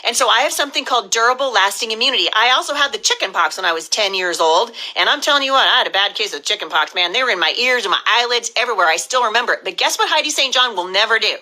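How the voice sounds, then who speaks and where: A woman's voice: a little high, lively intonation, rapid-fire, few pauses, bright, forceful tone, low-quality recording. A middle-aged woman from the US Pacific Northwest, giving a fiery, indignant live-stream address as a political candidate.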